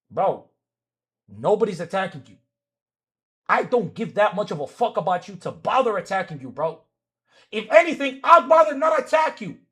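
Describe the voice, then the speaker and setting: A man's voice: sits high, fairly bright tone. A man streaming live, giving reaction commentary in heated, profane rants at viewers, with repeated oaths. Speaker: livestreamer.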